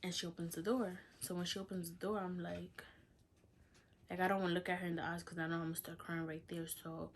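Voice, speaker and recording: A woman's voice: on the low side, slight background noise. A young woman vlogger telling a personal story in a casual, chatty way, filling her talk with "like" and acting out what others said. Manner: chatty, lots of "like", quotes others in dialogue.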